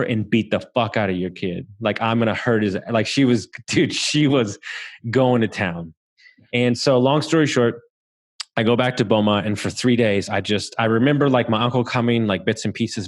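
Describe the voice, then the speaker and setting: Low-voiced man from Southeast Texas. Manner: swears freely, laughs through his story. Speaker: podcast guest. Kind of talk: casual storytelling.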